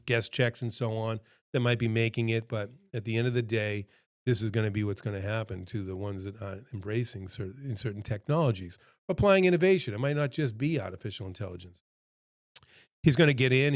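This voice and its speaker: A man's voice: mid-range voice, dry recording, studio quality. A middle-aged man who runs a restaurant consultancy gives a casual talk to camera from home, chatty and earnest, with lots of fillers and quoted voices. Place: home room with a dog nearby.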